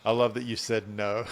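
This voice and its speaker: A man hosting a podcast interview, reacting with affirmation and laughing along with his guest. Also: fairly low pitch. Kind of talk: conversational interview.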